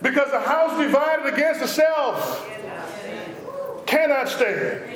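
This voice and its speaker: A man a call-and-response sermon, drawling asides and sudden shouts. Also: very high-pitched, takes it slowly, crowd noise. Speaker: pastor. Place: church sanctuary. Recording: very echoey church hall.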